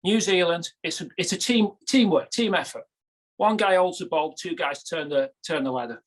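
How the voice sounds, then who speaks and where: British male guest, high voice, quick jokey banter, casual chat. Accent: British English. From Britain.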